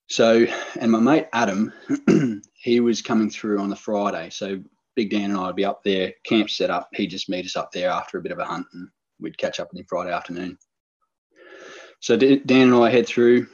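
An Australian man tells his story in a relaxed, rambling way, full of fillers and restarts. His voice sits low and a touch husky. The recording is dull and lo-fi. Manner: rambling, laid-back, many fillers and restarts. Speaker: podcast guest, hunter. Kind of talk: casual storytelling.

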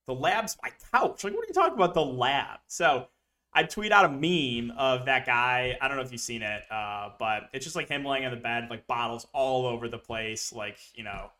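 A man's voice: mid-range voice, moderate pace, pushed and bright. A young man hosting a fantasy sports show, talking casually and rambling through picks and a story with lots of fillers. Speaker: DFS analyst host. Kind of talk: casual sports betting podcast talk.

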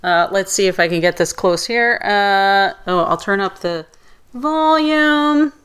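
A woman's voice: mid-range voice, unhurried, a bit bright, clear, resonant tone. A woman co-hosting a casual TV-review chat, chatty and narrating what she does on screen. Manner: chatty, narrates her screen searching aloud. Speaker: podcast co-host.

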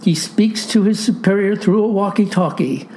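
A woman's voice: mid-range voice, moderate pace, dark tone, a little hiss or hum, poor audio. A woman reading a satirical comedy script, with a theatrical, mock-grand delivery. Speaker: narrator.

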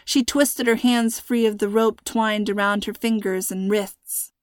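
A woman narrating a story in an expressive, tense reading. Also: medium pitch, measured pace, no echo, studio quality.

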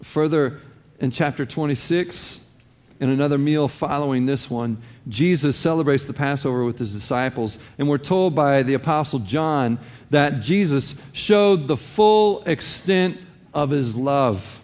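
A man's voice: medium pitch, unhurried, a little mellow, long reverb tail. A man preaching a sermon as a pastor, conversational, with frequent "you know" asides.

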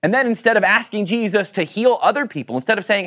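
Male pastor, fairly high-pitched voice, lively sermon delivery with acted-out quotes. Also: fast talker, few pauses. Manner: animated, acts out quoted voices, asks the congregation questions.

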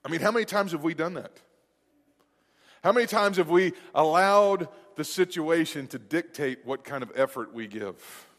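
A man's voice: fairly high pitch, big-room sound. A man preaching a sermon as pastor, in a conversational, rambling way with many restarts and asides.

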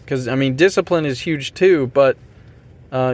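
A man's voice: a little high, unhurried. Rambling motivational podcast man. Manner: rambling, self-deprecating, repeats catchphrases. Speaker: podcast host. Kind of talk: casual motivational monologue.

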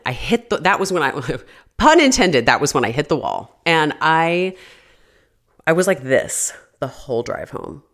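A woman's voice: sits low, a bit bright. A woman in her thirties hosting a podcast, telling a story casually, peppered with "like" fillers and swearing. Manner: chatty, constant "like" fillers, frequent swearing. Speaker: podcast host.

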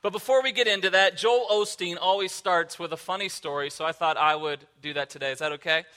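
High, bright-voiced man preaching a sermon. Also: fairly even intonation, brisk. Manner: casual, conversational preaching with fillers. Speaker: lead pastor.

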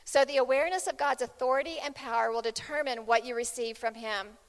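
A woman's voice: sits high, fairly quick. A woman preaching a sermon, emphatic and repeating phrases as she builds intensity. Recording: long hall reverb.

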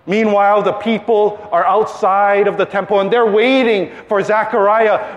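A man's voice: sits high, fairly even intonation, moderate pace, few pauses. A male pastor preaching a sermon in a playful storytelling manner.

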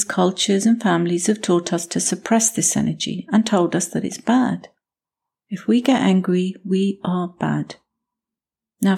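A woman hosting a self-help podcast, speaking in a measured, gently instructive way and laying out steps one by one. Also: medium pitch, vocal fry, breathy edge. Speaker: podcast host.

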